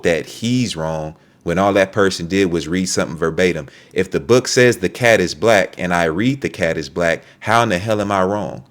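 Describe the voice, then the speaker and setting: A man recording a ranting commentary video, heated and profane, often repeating and restarting his words. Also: sits low. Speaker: online video creator.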